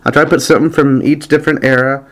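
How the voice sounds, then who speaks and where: A man's voice: mid-range voice, fairly even intonation, racing, fairly bright tone. Hesitant, earnest man rambling to camera. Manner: hesitant, many ums and restarts, searching aloud; earnest, enthusiastic fan. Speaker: vlogger discussing a band's music. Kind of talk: casual rambling talk, reading lyrics aloud.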